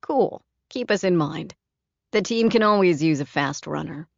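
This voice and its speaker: Calm grown man, a sports coach, relaxed and at ease with kids, read by a woman narrator, low gravelly tone, dull dry recording. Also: measured pace, no echo. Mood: easygoing. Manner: calm, practiced ease with a child.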